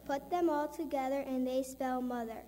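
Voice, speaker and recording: Woman reciting verse lines in turns, slow and soft, high pitch. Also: fairly even intonation.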